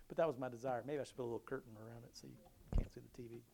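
A man's voice: mid-range voice, steady tone, very fast, gravelly, background noise. A middle-aged man giving a casual devotional talk, rambling, chuckling often and restarting his sentences. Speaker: Christian speaker.

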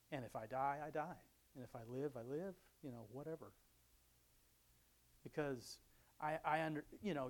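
A middle-aged man giving a casual devotional talk, rambling, chuckling often and restarting his sentences. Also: medium pitch. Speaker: Christian speaker.

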